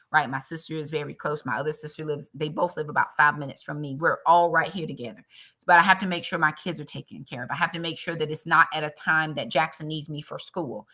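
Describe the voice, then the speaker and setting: Woman live-streamer, lowish voice with a sharp, bright edge, earnest and personal with her viewers. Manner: earnest, talks straight to viewers; emotional about her faith. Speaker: budgeting live-streamer and ministry leader.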